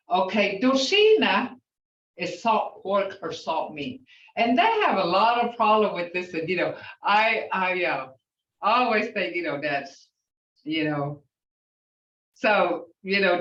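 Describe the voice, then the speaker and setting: Older female language teacher, slow and patient, sounds out syllables; distant, echoey, muffled recording. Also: mid-range voice, a bit bright. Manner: sounds words out syllable by syllable, chatty asides. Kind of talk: language class instruction.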